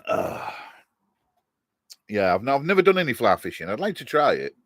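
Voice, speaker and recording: A man's voice: medium pitch, wildly swooping pitch, normal speed, a bit bright, no echo, clean studio sound. A middle-aged man with a Hull, East Yorkshire accent, chatting casually on a live stream, answering viewer comments in a jokey, rambling way and laughing often.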